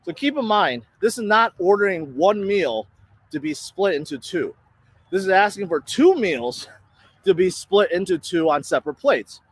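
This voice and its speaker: A man's voice: high voice, very animated, normal speed, no echo. A man telling a story about a restaurant bill in an indignant, casual rant. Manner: indignant, retells his own side of an argument. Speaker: storyteller in a played clip.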